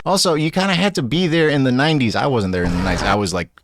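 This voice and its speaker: A man's voice: on the high side, very animated, racing, over music, a crowd in the background. A young man streaming live, rambling and joking in an irreverent, offhand way. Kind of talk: casual live-stream chat.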